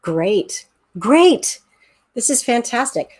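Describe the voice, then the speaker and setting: Woman, teacher, online lesson, husky, enthusiastic, video call. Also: on the high side, very animated, takes it slowly, a little mellow. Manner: enthusiastic and encouraging, counts aloud and taps out rhythms. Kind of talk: online class lesson, screen-sharing.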